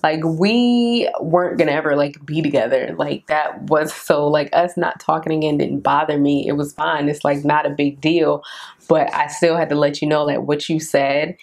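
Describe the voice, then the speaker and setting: A young woman vlogger telling a candid storytime about her dating life in a casual, animated way, acting out both sides of the conversation. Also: low voice, moderate pace, gravelly. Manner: candid and animated, quotes others in raised voice. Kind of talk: storytime vlog, casual chat.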